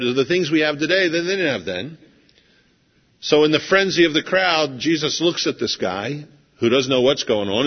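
A man preaching a sermon in a conversational storytelling manner, acting out scenes as he goes. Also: mid-range voice. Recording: dull lo-fi sound with long hall reverb.

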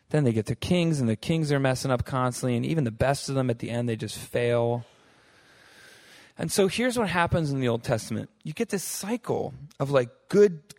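A young man gives a casual Bible lesson to a group. He talks loosely, full of "like" and "right?", and slips into quick acted voices for the people in the stories. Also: medium pitch. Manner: animated, acts out quotes with voices; fillers like "like" and "right?". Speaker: bible teacher.

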